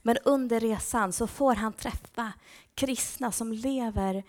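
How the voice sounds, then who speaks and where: A woman's voice: a little high, steady tone, moderate pace, darkish tone. A woman giving a conversational talk at a church service, sometimes dropping to a whisper.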